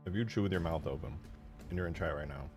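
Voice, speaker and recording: A man's voice: low-pitched, fast, a little mellow, faint music behind. A young man streaming while he mods a game, casually ranting and swearing as he talks to his chat.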